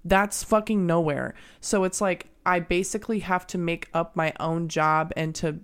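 A woman's voice: on the low side, fairly even intonation, moderate pace, clean tone. A young woman in casual podcast chat, talking candidly and rambling, swearing often.

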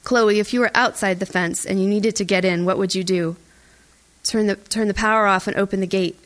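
A woman's voice: mid-range voice, steady tone, brisk, natural voice. A woman reading an audiobook, voicing a hard, emotionless father who speaks in curt, clipped commands. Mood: stern. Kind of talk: audiobook character voice.

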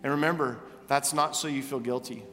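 A male pastor preaching a sermon in a church, telling stories with animated, emphatic repetition. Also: mid-range voice, a little fast, in a large hall, soft background music. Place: church sanctuary.

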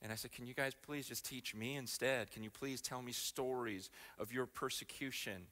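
An American man telling a story in a sermon, animated, his voice climbing high and loud when he gets excited. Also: normal speed, few pauses. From United States. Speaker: guest speaker.

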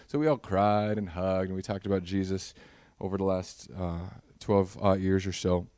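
A man's voice: deep voice, fairly even intonation, normal speed, darkish tone, dry recording, studio quality. A man in the role of pastor, preaching a conversational sermon that mixes humorous storytelling with earnest prayer.

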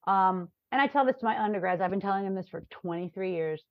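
A woman from New York, a professor talking as an interview guest, telling stories in a lively way and often checking in with "right?". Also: mid-range voice, quick pace, dry recording. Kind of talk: conversational interview. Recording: dry, dull lo-fi remote recording.

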